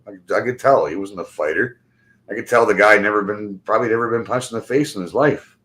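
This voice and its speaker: A middle-aged man vents in a long, profane monologue. He is blunt and angry, sits in a fairly low register, and keeps tacking "man" onto the end of his lines. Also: quick pace, a bit bright. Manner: angry, blunt, swears constantly, ends phrases with "man".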